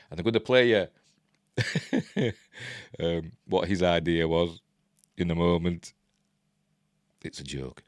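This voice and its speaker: A man's voice: low-pitched, sing-song, a little slow, no echo, clean studio sound. A man with a Yorkshire accent giving casual news commentary as a channel host, chatty and jokey, with frequent laughs and rambling asides.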